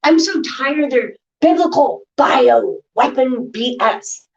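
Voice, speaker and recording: A woman's voice: high-pitched, animated, slow pace, creaky, a little mellow. A woman ranting to her viewers on a livestream, irritated and swearing. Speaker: vlogger. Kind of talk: casual livestream talk to viewers. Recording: distant dull lo-fi audio.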